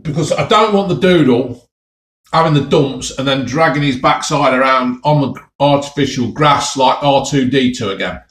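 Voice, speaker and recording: A man's voice: mid-range voice, normal speed, a bit bright, reverberant. A man with an English Midlands accent chatting casually to viewers as he tastes food for his vlog, enthusiastic and chatty. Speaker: food vlogger.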